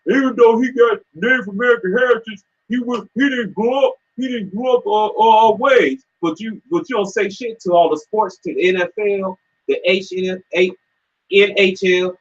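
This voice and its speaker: A man preaching heatedly in a scripture discussion, profane and stammering, with a husky voice. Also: high voice, moderate pace. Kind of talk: heated street preaching chat. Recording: dull lo-fi sound.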